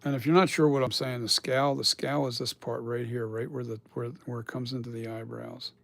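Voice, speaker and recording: Gravelly, rambling man on a live stream. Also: medium pitch, little pitch movement, brisk, a bit bright, no room sound. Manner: rambling, chatty, swears casually, laughs often. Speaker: mask sculptor on a live stream. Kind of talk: casual live-stream chat.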